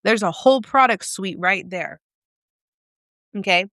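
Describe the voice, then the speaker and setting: A woman's voice: medium pitch, a little slow, a bit bright, dry recording, clean studio sound. A woman business coach talking casually and directly in a live video, asking her viewers many questions.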